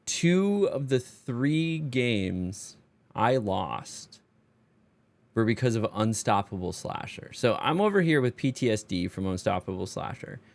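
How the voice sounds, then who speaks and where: A man's voice: medium pitch, big pitch swings, unhurried, creaky. Exasperated self-mocking man commentating. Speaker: streamer. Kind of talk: voice-over commentary on a card game.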